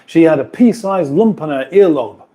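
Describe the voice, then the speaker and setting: A man's voice: fairly high pitch, expressive, moderate pace, mellow. A British man hosting a casual live stream from a kitchen, chatting in a rambling way and reading out viewer comments. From United Kingdom.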